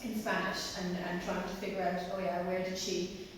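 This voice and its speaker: A woman's voice: fairly low pitch, level tone, normal speed. A young Irish woman, a singer and stage actress, chatting casually as a podcast guest and acting out little quotes as she talks. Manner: chatty, full of "like" and acted-out quotes. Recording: echoey hall, distant mic, faint noise.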